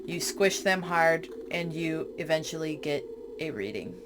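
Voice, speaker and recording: A woman's voice: deep voice, lively intonation, measured pace, noisy background. A woman playing a horror game, reading its text aloud and breaking off for startled, chatty asides. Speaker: game streamer.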